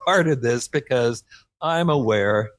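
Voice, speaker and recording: A man's voice: mid-range voice, lively intonation, slow pace, dry recording. A man from Oklahoma, an author talking as a guest in a radio interview, earnest and encouraging, with frequent light laughs. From Oklahoma, USA.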